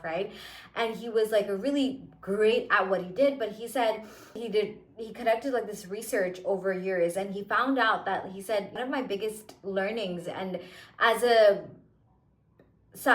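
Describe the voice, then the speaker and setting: A young woman giving a casual motivational monologue to her viewers, chatty and full of "like" and "you know". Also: medium pitch. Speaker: manifestation content creator. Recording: echoey room.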